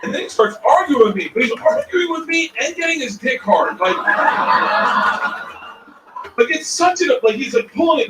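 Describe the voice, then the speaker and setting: A man doing stand-up storytelling, profane and animated, sometimes breaking into shouts, heard from a distance in a roomy space. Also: very high-pitched, measured pace, long pauses. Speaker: stand-up comedian. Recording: roomy far-off stage recording with noise.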